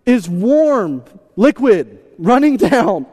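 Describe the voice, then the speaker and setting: A man in his thirties preaching a sermon, telling a story in an animated, self-deprecating way and often repeating his words. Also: very high voice, takes it slowly. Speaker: pastor.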